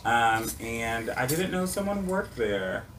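A man's voice: mid-range voice, sing-song, slow pace, fairly bright tone. A man hosting a podcast, telling a long casual story in a rambling way, full of "like" and "or whatever.". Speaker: podcast host. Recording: distant mic with faint room noise.

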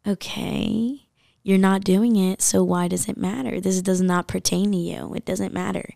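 A woman's voice: medium pitch, fairly even intonation, unhurried, vocal fry, dark tone, dry recording, studio quality. A young woman from the United States telling a story in casual podcast chat, full of fillers and likes. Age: young adult.

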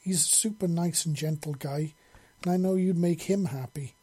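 A man's voice: on the high side, moderate pace, dark tone, breathy edge. A man voicing a young female alien girl, sobbing and pleading with her mother. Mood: tearful pleading.

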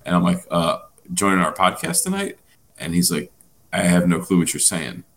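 Deep-voiced man swearing through a story. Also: very animated, moderate pace, vocal fry, fairly bright tone. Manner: rambling storytelling, heavy swearing and fillers. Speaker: podcast co-host. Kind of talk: casual chat.

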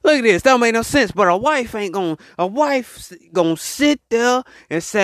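A man hosting a solo podcast, talking in an animated, preachy way and calling out to his listeners. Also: very high-pitched, normal speed, hardly any pauses, dry recording, studio quality. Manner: animated, preachy, call-and-response asides to listeners. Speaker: podcast host. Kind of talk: casual solo podcast monologue.

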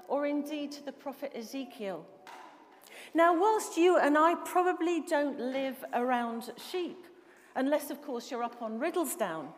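A woman preaching a sermon, measured and emphatic, putting questions to the congregation. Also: high voice. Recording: reverberant hall.

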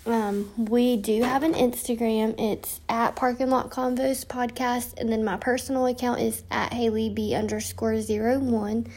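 This podcast host is a young woman with a fairly high, slightly mellow voice, a level tone, and a moderate pace with few pauses. She's chatting casually through an intro monologue, reading from notes, saying um a lot, and yawning with late-night tiredness.

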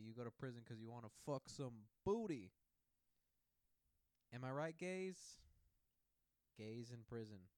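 A man's voice: lowish voice, darkish tone, clear, resonant tone, no echo, low-quality recording. A man doing a brash, profane comedic monologue about football as a sports podcaster, jumping from topic to topic.

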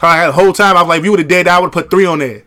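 A man co-hosting a podcast in casual chat, an animated storyteller who acts out the people in his stories. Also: sits high, rapid-fire, crowd noise. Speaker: podcast co-host.

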